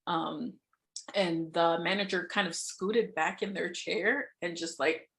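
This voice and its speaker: A bright-voiced woman hosting a casual podcast interview. She talks in an animated, expressive way, often laughing mid-sentence and swearing freely. Her tone is lively and conversational. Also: lowish voice, takes it slowly, creaky. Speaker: podcast host.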